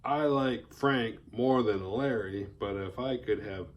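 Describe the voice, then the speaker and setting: A man's voice: slow pace, slight background noise. Male host recapping a horror movie, loose and profane, jumps into silly character voices. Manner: animated, profane, acts out characters' lines in high voices. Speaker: horror film reviewer. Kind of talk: casual film recap.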